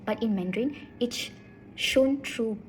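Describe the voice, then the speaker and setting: A woman giving a student class presentation, reading in a steady, soft-spoken way. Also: on the high side, unhurried, a little hiss or hum, low-quality recording.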